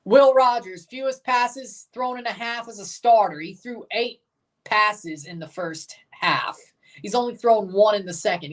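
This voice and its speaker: Give me a blunt, chatty woman doing live game reaction commentary, a little far from the mic. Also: mid-range voice. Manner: chatty, blunt, bursts into excited cheering. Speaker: livestream watchalong host.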